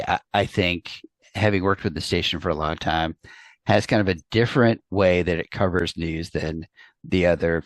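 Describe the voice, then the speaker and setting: A man's voice: low-pitched, moderate pace, no echo. A man from New York hosting a casual interview, chatty and often repeating words as he restarts his sentences. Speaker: interview host.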